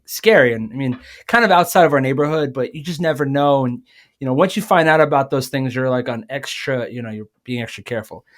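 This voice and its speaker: A man chatting as a guest on a podcast, spinning a lively personal anecdote. He talks casually, piles up fillers and restarts, and slips into other people's voices as he goes. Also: medium pitch. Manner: animated, acts out quoted voices; frequent fillers and self-corrections. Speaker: guest musician. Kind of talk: casual storytelling.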